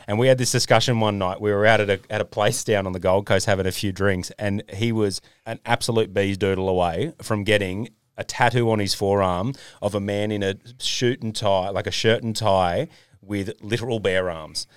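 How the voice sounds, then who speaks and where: An Australian man co-hosting a casual podcast, telling stories and doing quick impressions of people he quotes. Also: on the low side, clean tone, dry recording, clean studio sound. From North Queensland, Australia. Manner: storytelling, animated impressions of others. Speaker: podcast co-host. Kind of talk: casual chat.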